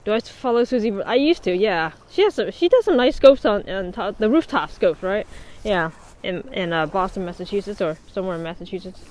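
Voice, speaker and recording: With lively intonation and a brisk, slightly mellow medium-pitched voice, a livestreamer chats from a winter beach. Laughing often and taking viewer comments, they wear a mic while bundled in a hood as wind rushes past.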